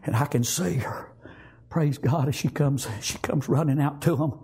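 A man's voice: fairly high pitch, normal speed, darkish tone, husky. A man preaching a sermon as a story, fervent and repetitive, punctuating it with amens and praise.

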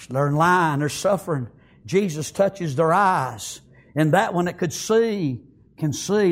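A man preaching a sermon in a high voice. He swings between quiet, hushed passages and fervent shouted ones, with an amen or praise God after nearly every line. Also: moderate pace.

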